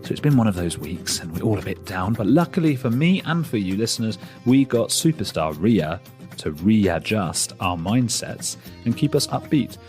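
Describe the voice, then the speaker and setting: A man's voice: on the low side, very animated, normal speed, a little mellow, soft background music. A man hosting a podcast, giving a chatty, rambling solo introduction with self-deprecating asides. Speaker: podcast host.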